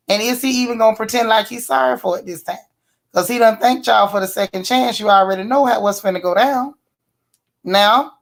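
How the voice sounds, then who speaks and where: A woman, recapping a TV episode in a sassy, animated way and chatting with her live viewers. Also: medium pitch. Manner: sassy, animated storytelling with mock quotes. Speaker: YouTube TV show reviewer. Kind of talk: casual live-stream recap talking to chat.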